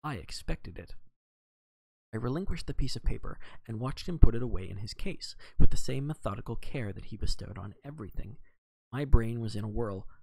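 A man reading a novel aloud on a live stream in an expressive way, with occasional slips and self-corrections. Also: medium pitch, a little fast, gravelly, slightly rough, no room sound, rough recording. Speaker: reader.

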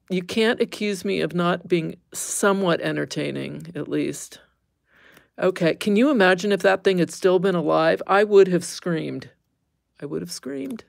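A woman's voice: on the low side, vocal fry, no echo, clean studio sound. A woman hosting a casual craft livestream, chatting with viewers, easily amused and squeamish, laughing and exclaiming. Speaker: livestream host.

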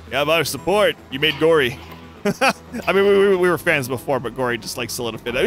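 Young male let's-play host, excitable and jokey, slightly high bright voice. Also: fairly quick. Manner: goofy, excitable, jokes and yelps at the game. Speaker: gaming channel host. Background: game music.

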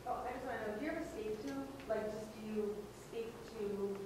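A woman's voice: mid-range voice, a little fast. A woman in the audience asking a question, hesitant and searching for words. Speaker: audience member. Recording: distant, echoey, noisy room.

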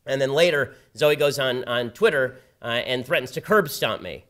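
A man giving a public talk at a campus event, telling a story in a rapid, sardonic way. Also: medium pitch, a bit bright. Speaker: guest speaker at a campus event. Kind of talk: public talk with a told anecdote. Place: university event before a live audience.

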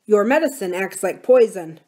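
A woman's voice: medium pitch, expressive, moderate pace, dark tone, natural voice. A woman reading the part of a cautious, loyal male servant who speaks anxiously.

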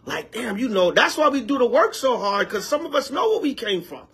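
Guy preaching as an elder, high voice, real street-casual, keeps calling out to the room. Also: fairly quick, husky. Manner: street-casual, animated, repeats for emphasis. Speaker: elder teaching a congregation. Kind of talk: preaching with call-and-response.

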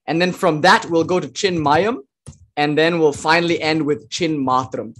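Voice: mid-range voice, moderate pace, a bit bright. A lecturer giving an informal philosophy talk, explaining ideas step by step with fillers and light laughter.

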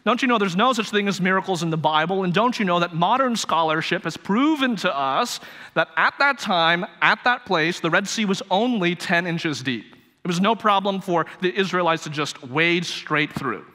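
A man's voice: sits high, expressive, normal speed, bright, forceful tone. A man voicing a smug young male college student who scoffs and talks down to a child. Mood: scoffing. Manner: dismissive, mocking.

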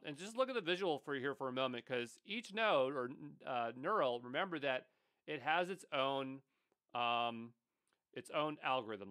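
A man's voice: medium pitch, pushed and bright. A man teaching an online course, explaining slides casually and thinking aloud with fillers and asides. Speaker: course instructor. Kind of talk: casual lecture over slides.

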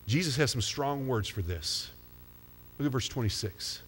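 A man's voice: mid-range voice, lively intonation, normal speed, fairly bright tone, slight background noise. A man preaching a sermon as pastor, talking conversationally and putting questions to the congregation. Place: church sanctuary. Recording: long hall reverb.

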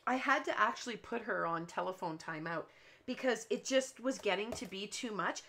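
A woman's voice: medium pitch, normal speed, fairly bright tone, a little hiss or hum. A woman hosting a cardmaking livestream from her home craft room, chatting and telling long stories while she works. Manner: chatty, rambling storyteller who laughs often. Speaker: cardmaking show host.

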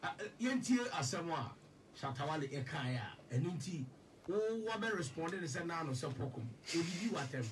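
A man's voice: fairly high pitch, expressive, a little fast. A Ghanaian man interviewing, asking probing questions in English and Twi. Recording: distant mic with faint noise.

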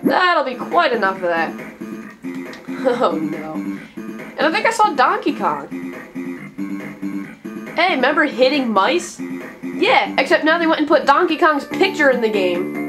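A woman comments on video games in an exasperated, sarcastic tone, often breaking into disbelieving laughter. Her fairly high voice swoops widely as she talks slowly. Loud game music plays behind her. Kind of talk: casual commentary over gameplay.

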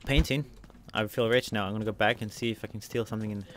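Fast-talking man doing game commentary. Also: on the low side, steady tone. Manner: narrates each move, spells out letters, repeats phrases. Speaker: let's play gamer.

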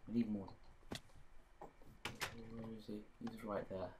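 A man's voice: fairly low pitch, flat delivery, takes it slowly, noisy background. A man chatting casually while playing a game, easily startled and shrieking at monsters. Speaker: gamer co-host. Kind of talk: casual let's-play chat.

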